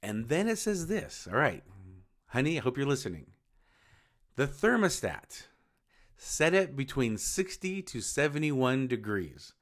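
A man's voice: medium pitch, very animated, measured pace. A man hosting his own podcast, talking casually and rambling a little as he restarts and corrects himself. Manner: rambling, self-correcting, informal. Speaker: podcast host. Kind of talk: casual solo podcast talk.

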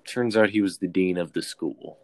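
A man's voice: low voice, normal speed, vocal fry, no echo. A young man from Texas, telling a self-mocking story in casual chat and acting out the quotes.

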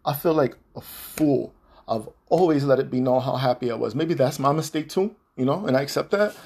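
A man's voice: a little high, a little mellow, slightly rough. A man hosting a podcast, delivering a heated, profane, repetitive monologue addressed to an ex-partner. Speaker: podcast host.

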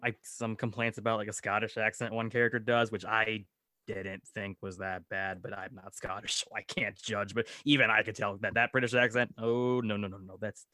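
A man with a bright, forceful tone talks through a TV series in loose casual chat, and his pitch leaps up whenever he gets excited. The sound is dry and close, with no room around it. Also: no echo. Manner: animated, jumping pitch when excited.

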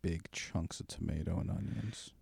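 A man's voice: low voice, moderate pace, vocal fry, darkish tone, breathy edge, dry recording, clean studio sound. A man in casual chat, swearing freely and teasing his friend in an argumentative, ribbing way.

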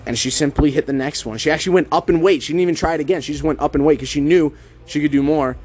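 A man's voice: on the high side, racing. Upbeat man talking straight to listeners. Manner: energetic, direct addresses to listener. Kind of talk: casual monologue.

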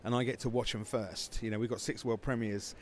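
A man's voice: mid-range voice, fairly even intonation, fairly quick, slight background noise. A man who founded a film festival, answering interview questions casually with many fillers and restarts.

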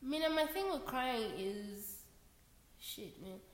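An animated woman co-hosting a casual podcast, her voice sitting a little high. She swears freely and laughs often. The room is echoey, with a long reverb tail. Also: slow. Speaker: podcast co-host. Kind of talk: casual chat.

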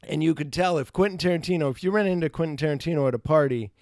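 A man co-hosting a podcast, casually recapping movie scenes with lots of swearing and quick impressions of the characters. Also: a little high, no echo, clean studio sound. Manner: profane, animated retelling of scenes. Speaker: podcast co-host.

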